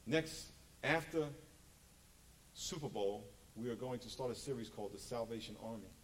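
A man preaching a sermon as pastor, animated and joking, acting out quotes. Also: medium pitch, moderate pace, rough recording.

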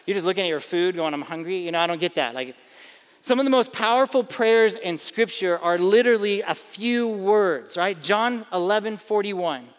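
Preaching a sermon to his congregation, a pastor speaks in a bright, high male voice that's clear and resonant, ringing with the long reverb of a large hall. He's expressive and moves at a moderate pace, keeping things loose and conversational while hammering key points and repeating words.

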